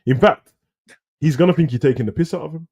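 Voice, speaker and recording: A man, co-hosting a casual live chat, slangy and rambling, breaking into animated rants. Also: on the high side, fast talker, breathy edge, dull audio. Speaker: co-host.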